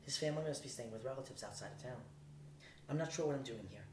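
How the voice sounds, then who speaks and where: A man's voice: fast, darkish tone. Man reading a novel in a roomy space. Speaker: audiobook reader. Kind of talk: reading a first-person novel aloud. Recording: roomy distant recording, faint rumble.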